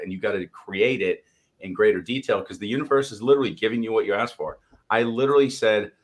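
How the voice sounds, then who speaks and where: Low-voiced coach guy rambling on a podcast, laid back, lots of ums. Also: fast talker. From Austin, Texas. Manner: relaxed, rambling, many fillers. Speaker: co-host, coach. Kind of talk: casual podcast chat.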